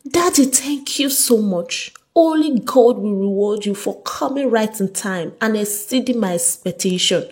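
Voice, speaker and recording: A woman's voice: medium pitch, expressive, a little slow, few pauses, slightly rough. A woman voicing an emotional, grateful young woman.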